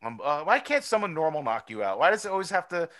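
High bright-voiced guy hosting a podcast, rambling and cussing a lot. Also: fast. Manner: animated, rambling, profane. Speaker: podcast host. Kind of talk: casual chat.

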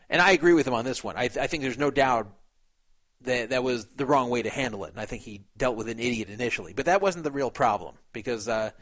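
A man's voice: mid-range voice, expressive, a little fast, a bit bright. A man retelling a poker dispute in a casual, opinionated way. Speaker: poker commentator. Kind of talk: casual commentary.

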